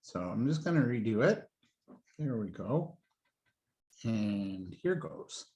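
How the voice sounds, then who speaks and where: A man's voice: fairly low pitch, big pitch swings, slow pace, darkish tone. A man hosting a webinar, chatting casually and apologizing while he fixes the video. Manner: apologetic, fumbling with the slides. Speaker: webinar host. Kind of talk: casual chat.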